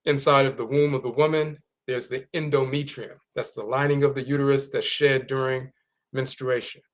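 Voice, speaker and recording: A man giving a deliberate, explanatory lecture on a spiritual tradition, spelling words out letter by letter as he goes. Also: medium pitch, steady tone. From North America.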